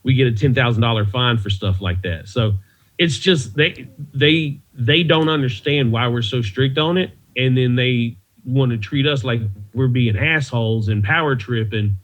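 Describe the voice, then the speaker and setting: A man's voice: mid-range voice, normal speed, fairly bright tone. A man, a comedian and podcast guest, telling stories in a loose, rambling way and chuckling at his own tales. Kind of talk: casual storytelling interview. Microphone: video call. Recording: muffled video call audio.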